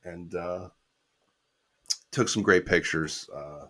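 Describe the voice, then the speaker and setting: Deep-voiced man telling a story. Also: slow pace, bright, forceful tone. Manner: storytelling, quotes people, swears casually. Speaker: guest musician. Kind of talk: casual anecdote telling.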